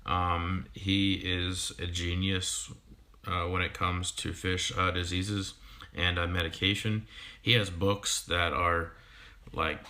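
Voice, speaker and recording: A man in his thirties, a fishkeeping YouTuber, chatting casually on a livestream in a halting way with many ums and restarts. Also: deep voice, level tone, bright, forceful tone. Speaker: fishkeeping YouTuber and sixth-grade teacher.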